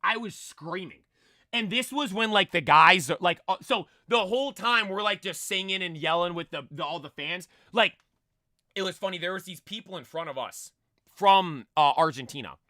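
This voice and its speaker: Young male streamer, high-pitched and dry, with a slightly strained voice; an animated, rambling storyteller. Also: normal speed, dry recording. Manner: animated, rambling, many fillers and restarts. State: voice nearly lost from screaming. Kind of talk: excited storytelling.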